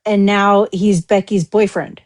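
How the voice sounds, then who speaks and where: A woman in a casual group discussion, unhurried, with thoughts that trail off. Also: medium pitch, steady tone.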